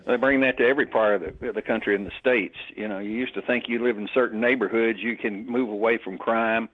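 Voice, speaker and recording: A man's voice: fairly low pitch, steady tone, a little fast, breathy edge. A man talking in casual chat, emphatic and full of rhetorical questions. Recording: tinny phone-like line.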